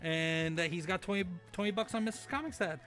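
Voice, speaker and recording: A man's voice: high-pitched, a little fast, bright, forceful tone, soft background music. A man hosting a live gaming stream, cheering on his teammates and reading out the chat, repeating words when he gets flustered. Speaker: streamer host.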